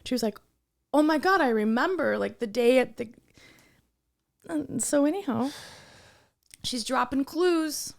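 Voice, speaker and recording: A woman's voice: high voice, a little slow, creaky, pauses often. A young adult woman co-hosting a podcast, telling a story in casual chat and acting out the quoted dialogue. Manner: animated storyteller who acts out quoted dialogue. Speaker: podcast co-host.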